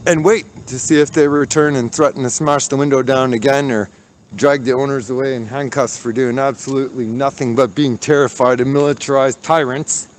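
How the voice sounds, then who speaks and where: A man livestreaming as he walks outdoors downtown, ranting angrily and swearing. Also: medium pitch. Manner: furious, profane ranting. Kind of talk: angry walking livestream.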